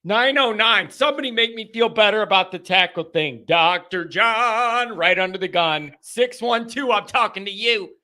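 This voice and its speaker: A man hosting a live sports call-in show, talking casually in a rambling, animated and openly anxious way. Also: high voice, moderate pace, few pauses.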